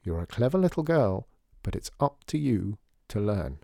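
A man's voice: on the low side, sing-song, normal speed, vocal fry, mellow, no echo, clean studio sound, full character voice. A man reading a storybook voices a stern, precise elderly lady who speaks firmly and instructively. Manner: firm, instructive.

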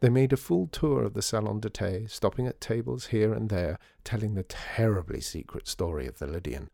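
Gravelly male storyteller. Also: fairly low pitch, normal speed, warm tone, no room sound, studio quality. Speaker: narrator. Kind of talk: storybook narration.

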